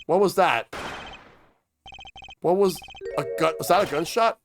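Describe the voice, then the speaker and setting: A man's voice: sits high, unhurried, soft background music. A man streaming a courtroom video game, reading the protagonist's lines and his own thoughts aloud in a plain, earnest way.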